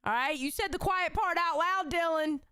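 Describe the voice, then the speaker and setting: A woman's voice: very high voice, normal speed, pushed and bright, dry recording, clean studio sound. A woman giving blunt, profane reaction commentary. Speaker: co-host.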